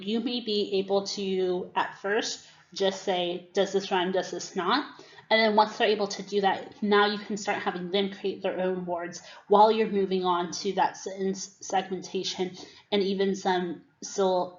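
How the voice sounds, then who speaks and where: A woman giving a teacher-training presentation on reading skills, acting out classroom prompts as she explains them. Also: mid-range voice. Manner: demonstrates classroom prompts, slow and deliberate. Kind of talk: instructional presentation. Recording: dull, roomy recording.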